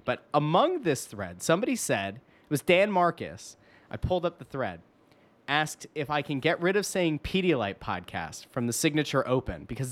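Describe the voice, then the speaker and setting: A male podcast co-host, his voice swinging widely in pitch as he rants. He sounds mock-indignant and keeps the banter going in a casual chat. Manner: animated, mock-indignant ranting.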